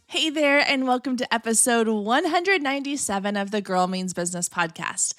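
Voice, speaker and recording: A woman's voice: a little high, animated, normal speed, hardly any pauses, a bit bright, faint music behind. A woman in her thirties hosting her own podcast, talking in an upbeat, chatty way and admitting she can be long-winded. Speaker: podcast host. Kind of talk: solo podcast talk.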